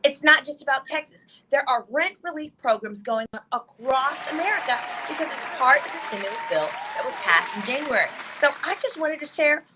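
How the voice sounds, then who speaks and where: A woman legal expert guest on a talk show, explaining with fast, emphatic excitement over a video call from a hotel room. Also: sits high, crowd noise, background noise.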